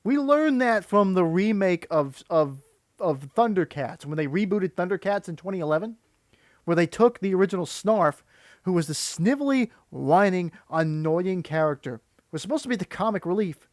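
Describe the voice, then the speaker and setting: Guy ranting about game voices, fairly high pitched, super dry close sound, keeps restarting. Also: expressive, normal speed, darkish tone, dry recording. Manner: exasperated, rambling with restarts. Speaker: video commentator. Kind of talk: critical reaction commentary.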